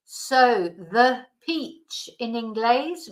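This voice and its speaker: A woman teaching fruit vocabulary in a bilingual lesson, slowly and carefully repeating each word for pronunciation. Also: mid-range voice, fairly bright tone, rough recording. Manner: slow, careful pronunciation drills. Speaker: language teacher.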